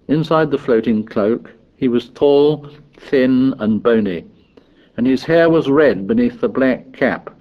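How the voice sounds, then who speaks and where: A man's voice: mid-range voice, slow. Man narrating a novel on muffled audio.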